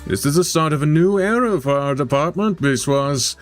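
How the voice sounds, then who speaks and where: A man voicing an ambitious, power-hungry male agent boss in a tabletop game, smooth, persuasive and commanding. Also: on the high side, lively intonation, normal speed, faint music behind, lightly acted.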